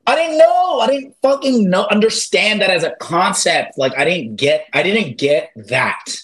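This former reality show contestant, a man in his thirties raised by immigrant parents, chats casually as an interview guest. His high-pitched voice is fairly bright, with lively intonation and a slightly slow pace, and his talk rambles, swears, and leans on fillers and acted-out quotes.

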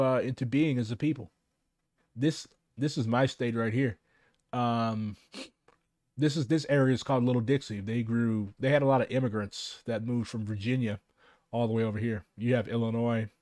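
A man's voice: medium pitch, darkish tone, no echo, studio quality. Profane young man ranting on stream. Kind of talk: casual livestream commentary.

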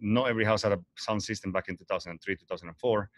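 A man's voice: fairly low pitch, very fast, fairly bright tone. A man hosting a casual livestream talk, earnest and rambling, often correcting himself mid-sentence. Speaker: host.

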